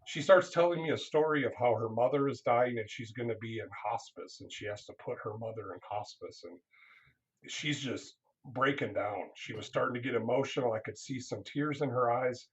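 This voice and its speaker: A man's voice: medium pitch, moderate pace. A man telling a story as an interview guest, in a middle-range voice. He acts out the people he quotes as he goes. The audio is slightly dull and lo-fi. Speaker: counseling professor, interview guest. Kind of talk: conversational storytelling.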